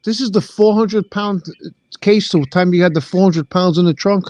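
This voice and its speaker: A man's voice: sits high, moderate pace, darkish tone, dry recording. Stammering, prodding male host. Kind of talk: casual podcast chat.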